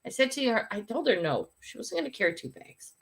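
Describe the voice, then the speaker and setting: Chatty laughing grandma, high voice. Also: female voice, big pitch swings, fast, fairly bright tone. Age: older. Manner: chatty storyteller who laughs often; bossy grandmotherly tone. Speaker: livestream host. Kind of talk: casual livestream chat.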